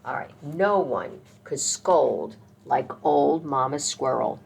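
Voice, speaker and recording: A woman librarian leading a children's story time, reading aloud slowly and gently, coaxing the kids to join in. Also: very deep voice, animated, creaky, breathy edge.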